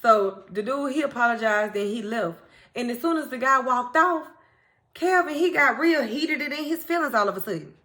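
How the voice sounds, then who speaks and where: A woman, recapping a TV episode to viewers in a casual, animated way, acting out characters' lines and laughing often. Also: fairly high pitch, normal speed. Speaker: TV recap host.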